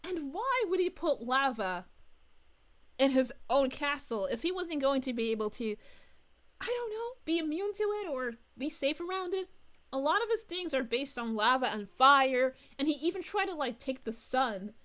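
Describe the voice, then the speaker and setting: Speaking in character as a bubbly, giggly young princess, a female VTuber chats with her livestream viewers. Her voice is high and fairly bright, very animated, at a normal speed.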